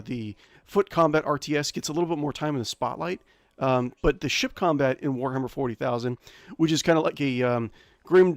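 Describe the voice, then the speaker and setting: A casual man hosting his own game live stream, his voice sitting a bit high for a man. He rambles and corrects himself mid-sentence, full of fillers. The sound is dry and close, with no room around it. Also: no echo.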